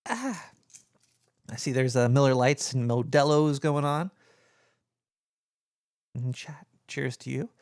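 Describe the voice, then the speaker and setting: Gravelly, rambling late-night radio host man. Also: medium pitch, slow, long pauses, darkish tone, no room sound, studio quality. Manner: rambling, stumbling, easygoing.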